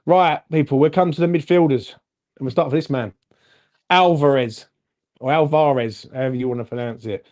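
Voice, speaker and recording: A man co-hosting a casual football fan chat, animated and chatty, calling everyone "mate". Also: mid-range voice, fast. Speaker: fan channel co-host.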